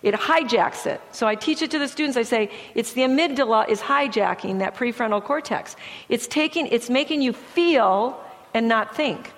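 A woman's voice: a little high, normal speed, big-room sound. A middle-aged woman giving a slide lecture on chronic pain from a Christian view, talking in a conversational, emphatic way and acting out inner thoughts.

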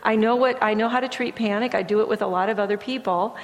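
A middle-aged woman from Michigan, a therapist, tells a personal story to a church audience. Her voice sits at a mid pitch, lively in the funny parts and softer in the serious ones. The sound carries a long reverb from a large hall. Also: fast. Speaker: therapist speaking at a church event. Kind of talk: personal testimony talk.

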